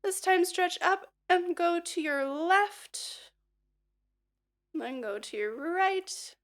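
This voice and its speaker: A hoarse woman singer and livestreamer chatting casually and leading a vocal warm-up, rambling with lots of fillers and little laughs. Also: very high-pitched, animated, takes it slowly. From United States.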